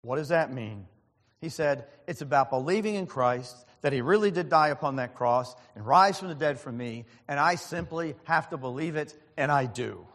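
A man's voice: a little high, animated, moderate pace, a bit bright. Man preaching in a reverberant hall. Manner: earnest, storytelling, quotes others in conversation. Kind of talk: sermon with personal story. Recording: long reverb of a large hall.

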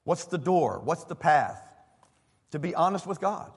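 A man, a pastor, preaching a sermon in a relaxed, conversational way, with fillers and asides to his congregation. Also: on the high side, a little slow, breathy edge. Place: church sanctuary. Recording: long hall reverb.

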